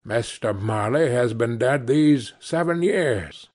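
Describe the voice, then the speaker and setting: A man's voice: mid-range voice, lively intonation, slow, darkish tone. A man voicing Scrooge, a miserly, bitter old man who speaks in a curt, growling way.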